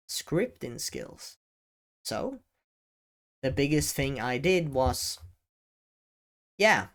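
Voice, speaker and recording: A man giving talking-head advice as an educational video creator, speaking deliberately with frequent pauses, stressed key words and casual swearing, seated at a desk mic. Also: medium pitch, vocal fry. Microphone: desk microphone, seated at camera.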